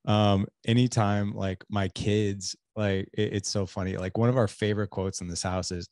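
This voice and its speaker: A man in his forties hosting a podcast, talking in a casual, animated way with frequent restarts and tag questions. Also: fairly low pitch, normal speed, dry recording, clean studio sound. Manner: animated, many restarts and "like", "right?". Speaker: podcast host. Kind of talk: casual conversational chat.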